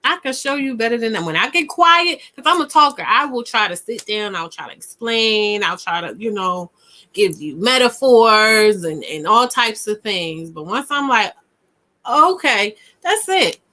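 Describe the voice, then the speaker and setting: A woman co-hosting a casual chat, talking emphatically and repeating her points with punch, dropping low and then bursting out loud and high. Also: expressive, moderate pace. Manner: emphatic and ranting, with punchy repetition. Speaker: podcast co-host.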